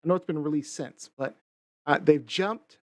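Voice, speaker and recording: Man, casual panel talk, slightly high voice, dry close sound. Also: normal speed, fairly bright tone, no room sound. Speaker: co-host.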